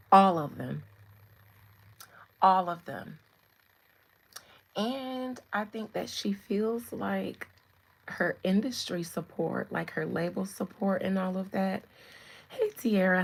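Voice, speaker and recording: A woman's voice: mid-range voice, creaky, rough recording. A woman in her thirties reading tarot on a casual livestream, chatting with viewers and laughing often. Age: 30s. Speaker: tarot reader.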